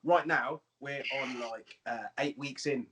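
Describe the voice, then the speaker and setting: A man co-hosting a casual comedic chat, telling relaxed anecdotes about life in lockdown. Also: mid-range voice, unhurried. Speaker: co-host, comedian.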